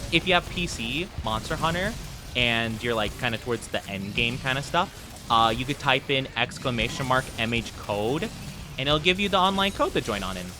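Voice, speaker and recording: A man's voice: mid-range voice, bright, forceful tone, slight background noise. A young man chatting casually with his live-stream audience while gaming, rambling with lots of fillers. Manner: rambling, filler-heavy, friendly with chat. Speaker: streamer playing a game.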